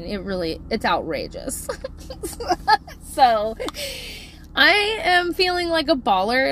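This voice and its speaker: A middle-aged woman telling a parenting story in a casual, animated, profane way, laughing often. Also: fairly high pitch, slight background noise.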